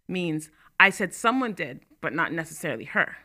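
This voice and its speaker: A woman host talking casually to camera in a studio. Her bright, forward voice swings widely in pitch. She laughs between points and hits words hard for effect. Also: very animated, normal speed, hardly any pauses. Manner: chatty, laughing asides, stresses words for effect. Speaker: talk show host.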